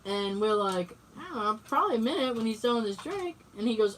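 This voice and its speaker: A woman's voice: on the high side, animated, fast talker, fairly bright tone, a little hiss or hum. A woman co-hosting a podcast, telling a story in casual chat, acting out quoted dialogue and swearing freely. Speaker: podcast co-host. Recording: voice distant from the mic.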